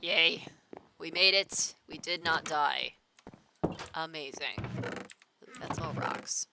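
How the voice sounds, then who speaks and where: A woman's voice: low-pitched, slow pace, noisy background. A young woman streaming a building game, chatting, reading chat messages aloud and talking to herself as she plays. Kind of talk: casual gameplay commentary.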